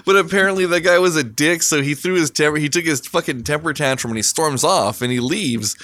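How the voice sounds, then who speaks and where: A man's voice: fairly high pitch, brisk, no echo. Guy swearing his way through a bar story on a podcast, dry close sound. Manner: profane, laughing, animated retelling. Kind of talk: casual storytelling.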